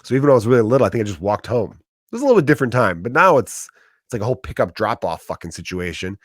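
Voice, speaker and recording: A man's voice: lowish voice, sing-song, very fast, no echo, clean studio sound. Profane ranting man with a Chicago accent. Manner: profane, ranting, acts out quoted voices. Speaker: podcast host, comedian. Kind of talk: comedic monologue.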